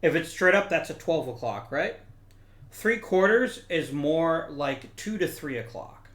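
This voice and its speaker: A man's voice: a little high, expressive, unhurried, fairly bright tone, echoey room. A man hosting a gameplay video, explaining things casually and correcting himself as he thinks aloud. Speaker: gaming video host.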